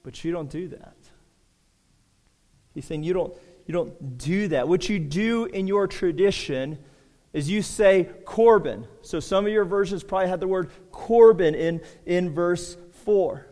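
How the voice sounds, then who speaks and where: Male pastor, sermon delivery, higher-pitched voice, big dynamic swings between fervent peaks and hushed drops, long hall reverb. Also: unhurried.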